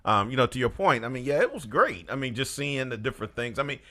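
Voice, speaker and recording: A man's voice: mid-range voice, quick pace, sharp tone. A man co-hosting a casual podcast, rambling through his thoughts with many "you know"s and "um"s. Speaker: podcast co-host. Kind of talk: casual movie review chat.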